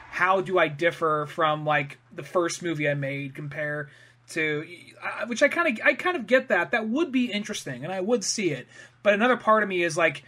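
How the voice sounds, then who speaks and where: Man with a slightly higher voice, rambling. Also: bright, forceful tone. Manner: loose, rambling, trails off and restarts. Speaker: podcast co-host. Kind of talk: casual chat.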